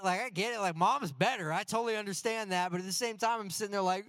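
A man in his thirties preaches with lively, story-driven energy, often turning to rhetorical questions. His voice sits a little high for a man. The recording is dry and close, with no room echo. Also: fast talker, hardly any pauses. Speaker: pastor. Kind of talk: sermon.

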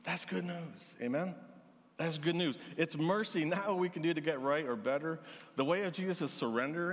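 Earnest male preacher in a reverberant hall. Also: on the high side. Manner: earnest, gentle preaching with pauses. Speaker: pastor. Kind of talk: sermon.

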